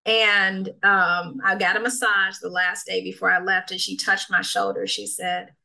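A woman's voice: medium pitch, little pitch movement, a little slow, gravelly, sharp tone, poor audio. A woman coach and speaker in casual conversation, talking emphatically and repeating key phrases for effect.

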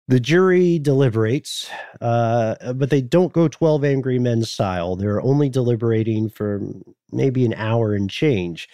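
A man from Tennessee, co-hosting a podcast and retelling a history story in a relaxed, joking way. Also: medium pitch, unhurried, few pauses, no room sound, studio quality. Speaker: podcast co-host. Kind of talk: casual chat, storytelling. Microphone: studio mic, remote video call.

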